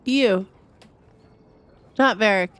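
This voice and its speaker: A woman's voice: medium pitch, extremely slow, fairly bright tone. A woman gaming streamer giving casual reaction commentary, chatty and rambling, laughing often.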